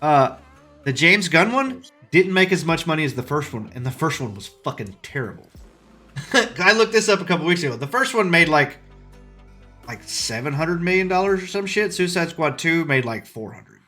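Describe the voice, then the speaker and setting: A man's voice: a little high, big pitch swings, moderate pace, sharp tone, soft background music. A man hosting a gaming podcast, ranting heatedly with constant profanity and repeated phrases. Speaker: podcast host. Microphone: podcast mic, live stream.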